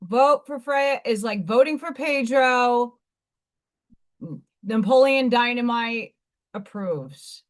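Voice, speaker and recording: Slow-talking woman hosting a casual live stream. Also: fairly high pitch. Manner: rambling, with frequent restarts and blunt asides. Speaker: livestream host.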